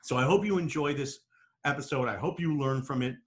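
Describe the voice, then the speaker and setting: A man's voice: mid-range voice, fairly quick. A man hosting a podcast, giving an encouraging introduction to the episode. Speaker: podcast host. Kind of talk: show intro.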